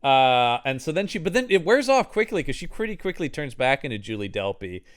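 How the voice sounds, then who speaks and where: A man's voice: medium pitch, big pitch swings, fairly quick, clear, resonant tone. A man co-hosting a podcast, casually recapping a film's plot with wry asides. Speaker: podcast co-host. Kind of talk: casual film-review chat.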